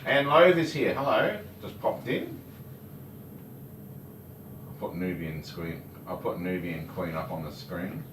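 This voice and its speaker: A man's voice: low voice, expressive, unhurried, long pauses. A man co-hosting a casual livestream, greeting viewers by name and teasing his co-host. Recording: echoey room, mic far off, faint noise.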